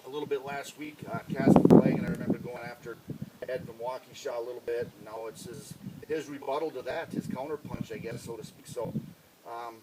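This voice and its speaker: A man's voice: medium pitch, fairly even intonation, a little fast, distant mic, heavy background noise. A man co-hosting a casual sports podcast, bantering with dry teasing humor. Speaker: podcast co-host.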